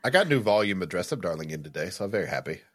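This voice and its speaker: A man's voice: deep voice, big pitch swings, racing, breathy edge. A man co-hosting a casual podcast, joking, laughing often and swearing casually. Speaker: podcast co-host.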